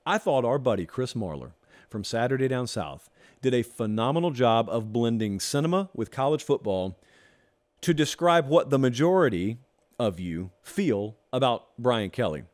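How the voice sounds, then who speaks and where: A man's voice: mid-range voice, moderate pace. Guy hosting a college football show, ranting w/ sarcastic asides, voice jumps all over. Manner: animated, emphatic, sarcastic asides. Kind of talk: opinionated sports talk monologue.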